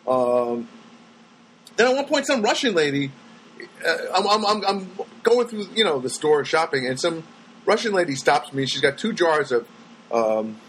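A man's voice: on the high side, slightly rough, low-quality recording. A man telling rambling everyday stories in a casual monologue, acting out the voices of people he met. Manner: rambling, animated, acts out voices of people he quotes.

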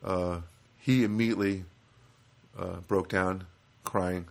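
A man's voice: deep voice, steady tone, takes it slowly, gravelly. A man telling a humorous personal anecdote in a rambling, self-deprecating, grumbling way. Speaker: storyteller.

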